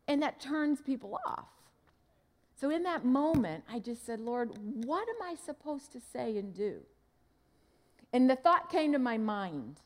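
A woman pastor preaching a sermon, telling a story with lively acted-out dialogue. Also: sits high, long reverb tail. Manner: animated, acts out dialogue in her story.

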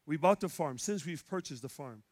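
A male pastor from Chicago with a Chicago accent, preaching and telling stories, going from loud shouts to hushed quiet. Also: on the high side, expressive, normal speed. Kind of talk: sermon. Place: church sanctuary.

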